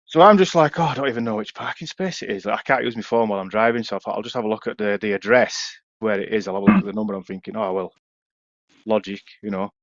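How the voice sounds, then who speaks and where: A man's voice: fairly low pitch, fast talker, no room sound, muffled recording. A young Yorkshire man, a podcast co-host, telling a casual story and swearing freely. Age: young adult. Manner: swears freely, lively anecdotes.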